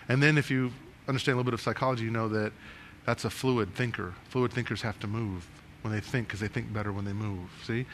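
A man leading a networking workshop before a live room, animated and restless, often asking the audience questions and moving as he talks. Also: mid-range voice, a little hiss or hum. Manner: animated, talks with his hands and moves around; asks the room many questions. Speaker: speaker giving a networking workshop.

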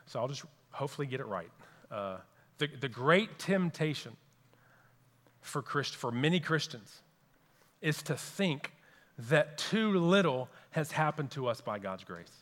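A man's voice: mid-range voice, very animated, a little slow, a bit bright, in a large hall. A man preaching a sermon as pastor, earnest and repeating key phrases for emphasis.

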